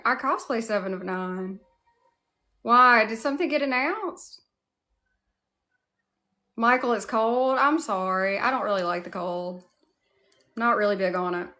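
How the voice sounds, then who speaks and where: A woman with a Southern US accent hosting a casual livestream, greeting chatters by name. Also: medium pitch. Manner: warm greetings to chat, drawling. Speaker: livestream host. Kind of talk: casual live chat.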